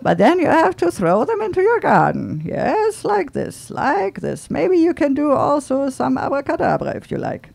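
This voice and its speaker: A woman's voice: sits high, wildly swooping pitch, moderate pace, creaky, hardly any pauses, darkish tone, no room sound, voice pushed up, exaggerated voice. A woman voicing a wry male shopkeeper who coaxes tourists with playful sales patter, in a storybook reading. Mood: playful coaxing. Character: wry male Breton shopkeeper selling stone seeds.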